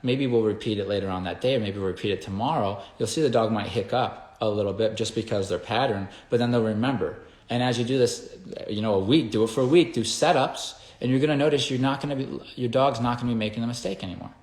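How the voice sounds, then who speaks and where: A man's voice: medium pitch, fast, hardly any pauses, darkish tone. A man who works as a dog trainer, explaining in a casual, emphatic way and often checking in with "okay?" and "right?". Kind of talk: casual instructional talk. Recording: echoey room.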